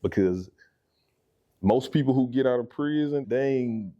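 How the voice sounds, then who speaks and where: A man in his thirties with a Southern US accent, telling his life story in a relaxed interview and animatedly acting out the people in it. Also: medium pitch, measured pace, lo-fi sound. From Mississippi. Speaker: guest, real estate agent.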